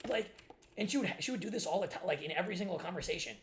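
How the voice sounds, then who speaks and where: A man's voice: sits high, expressive, very fast, slight background noise. A young man streamer telling a rambling, exasperated story about his childhood while playing a game. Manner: rambling and exasperated, many restarts. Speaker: gaming streamer. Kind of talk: casual storytelling while gaming.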